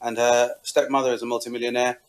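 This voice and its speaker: A man on a comedy panel rattles through a deadpan list at a quick clip, his voice at a middle pitch. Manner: dry, listing punchlines.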